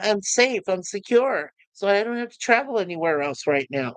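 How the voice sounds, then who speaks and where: A middle-aged man hosting his channel, talking to viewers in a halting, emotional way with many restarts and repeated words. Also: high voice, lively intonation, a bit bright, dry recording, poor audio. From United States. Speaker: YouTube channel host. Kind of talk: emotional personal talk to viewers.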